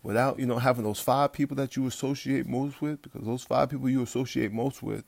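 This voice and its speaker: Late at night at home, a fitness coach with a rough, gravelly, mid-range voice gives a pep talk, speaking a little fast with a steady tone. He's blunt and profane, rambles with frequent restarts, and gets loud and heated in his rants. The sound is dry and close, with no room sound.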